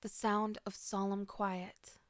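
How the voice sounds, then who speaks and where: A woman's voice: medium pitch, little pitch movement, takes it slowly, dry recording, studio quality. A woman narrating a dramatic first-person story with emotional delivery.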